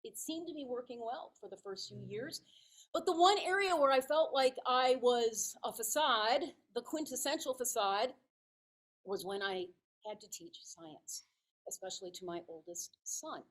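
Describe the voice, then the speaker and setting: Animated woman telling a story. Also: a little high, normal speed, rough recording. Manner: animated, dramatic storytelling with acted-out dialogue. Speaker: club speaker. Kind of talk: prepared storytelling speech.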